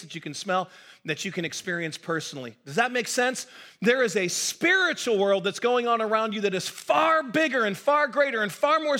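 A middle-aged American man preaches from the front of a church. His voice sits high and sounds bright and forceful. He talks to the room like a conversation, with small jokes at his own expense, and he repeats words as he builds toward a point. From United States. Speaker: pastor. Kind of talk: sermon. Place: church hall.

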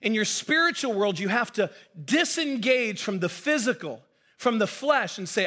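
A middle-aged American man preaches from the front of a church. His voice sits high and sounds bright and forceful. He talks to the room like a conversation, with small jokes at his own expense, and he repeats words as he builds toward a point. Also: animated, moderate pace. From United States. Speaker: pastor. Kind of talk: sermon. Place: church hall.

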